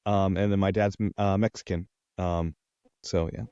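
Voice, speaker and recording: A man's voice: deep voice, little pitch movement, moderate pace, warm tone, smooth, no echo, lo-fi sound. A man, an audiobook narrator from Texas, chatting in an interview with many ums and uhs. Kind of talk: casual interview chat.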